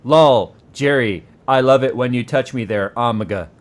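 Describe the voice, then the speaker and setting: A man's voice: mid-range voice, moderate pace, close to an everyday voice. A man doing a sultry sex robot voice.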